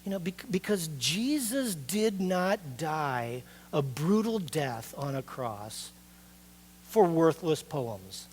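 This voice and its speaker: Animated middle-aged male pastor preaching. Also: on the high side, takes it slowly, slight background noise. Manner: conversational, animated preaching with rhetorical questions to the congregation. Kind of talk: sermon.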